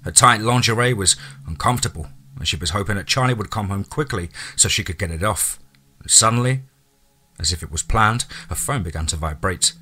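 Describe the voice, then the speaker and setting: A man narrating a horror story theatrically, dropping low and quiet for suspense. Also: normal speed.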